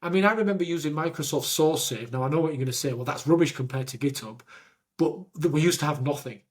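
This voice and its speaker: A Yorkshire man hosting a casual podcast, his voice sitting a little high. He tells stories with gusto, acting out the people in them. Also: fast. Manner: animated storyteller, acts out quotes. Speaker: podcast host. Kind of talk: casual conversation.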